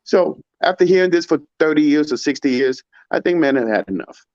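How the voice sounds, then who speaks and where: A man's voice: fairly high pitch, expressive, brisk, darkish tone, no echo. Man, opinionated casual talk, emphatic, muffled lo-fi sound. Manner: emphatic, rhetorical, mimics others in raised voice. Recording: dull muffled audio.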